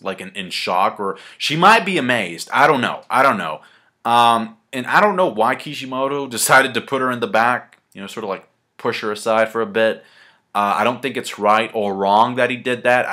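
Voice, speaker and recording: A man giving a casual manga review, excited and slangy, swearing freely and talking the chapter through. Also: medium pitch.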